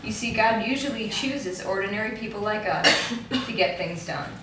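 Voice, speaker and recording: A woman's voice: mid-range voice, normal speed. Earnest woman in an echoey room. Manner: earnest and reflective, reads a passage then comments. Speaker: book club co-host. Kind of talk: casual chat, reading from a book. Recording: echoey room, far from mic, background noise.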